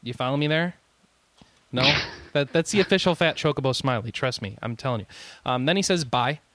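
A man's voice: medium pitch, expressive, a little fast, fairly bright tone, dry recording. A man hosting a podcast in casual chat, rambling with jokey asides and frequent chuckles. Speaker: podcast host.

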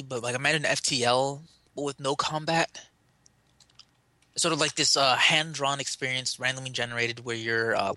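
A man's voice: medium pitch, pushed and bright, dry recording. A man co-hosting a podcast, chatting casually about games in a rambling, enthusiastic way and often correcting himself. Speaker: podcast co-host.

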